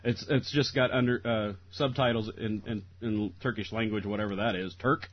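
Man, podcast co-host, husky, rambling casual chat, muffled recording. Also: fairly low pitch, fairly even intonation, normal speed. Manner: rambling, laughs often, many restarts. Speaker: podcast co-host reviewing a film. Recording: dull lo-fi audio.

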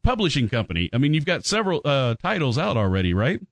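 A man's voice: medium pitch, big pitch swings, fast talker, no room sound. A male podcast host with a mid-range voice, recorded close and dry. He talks in a chatty, rambling way, laughing often and filling gaps with "uh". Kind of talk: casual podcast chat.

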